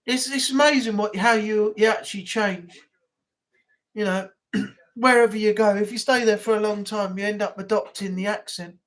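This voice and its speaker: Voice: mid-range voice, fairly even intonation, moderate pace, fairly bright tone. Northern english streamer just chatting, rambles and repeats, lots of ums. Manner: rambling, repeats words, many fillers. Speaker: livestream host. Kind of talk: casual live chat.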